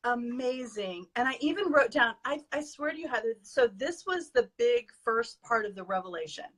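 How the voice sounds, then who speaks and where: Speaking at normal speed with a fairly high, expressive, fairly bright voice, a woman who studies spiritual advising appears as an interview guest. Emotional and sincere, she gives a heartfelt account of a personal spiritual experience, at times reading from notes.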